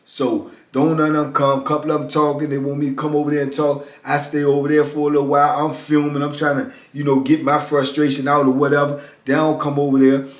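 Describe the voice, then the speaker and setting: A man's voice: a little high, completely flat delivery, quick pace, few pauses. A middle-aged man, a former prisoner, telling a story in a blunt, streetwise, casual way. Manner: blunt, streetwise, repeats "you know what I'm saying". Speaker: former prisoner and motivational speaker. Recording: echoey room.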